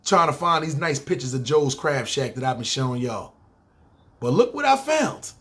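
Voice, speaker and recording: A man's voice: mid-range voice, very animated, moderate pace, a bit bright. A man with a New York accent, hosting a podcast and telling a story from his life in casual, profane street slang. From Harlem, New York. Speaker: podcast host.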